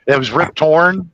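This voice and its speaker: A man's voice: medium pitch, sharp tone, dry recording, muffled recording. A man hosting a casual chat, retelling movie scenes in a rambling, self-correcting way. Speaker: host. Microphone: podcast microphone.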